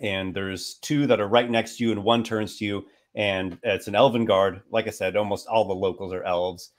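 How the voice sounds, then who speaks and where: A man acting as game master, narrating a tabletop game in a relaxed, halting way. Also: on the low side. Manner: relaxed, hesitant narration with fillers.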